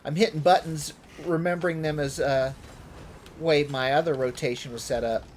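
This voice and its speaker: A man with a higher voice streams himself playing a game, chatting at a moderate pace with a little hiss or hum on the audio. His let's-play commentary is relaxed and chatty as he thinks aloud about his setup.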